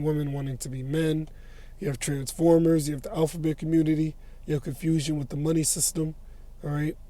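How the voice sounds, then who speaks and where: A male preacher delivers a scripture lesson in a steady teaching tone. His voice sits a little high but sounds dark and mellow, and it stays flat in pitch. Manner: repeats "all right?" as a tag, steady teaching tone. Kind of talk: sermon lesson.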